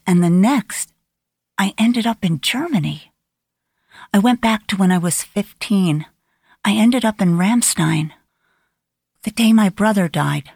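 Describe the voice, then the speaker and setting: A woman's voice: medium pitch, darkish tone, slightly rough, no echo, studio quality. A woman voicing a frightened young woman who speaks with urgency in an audiobook reading. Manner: urgent, breathless pleading.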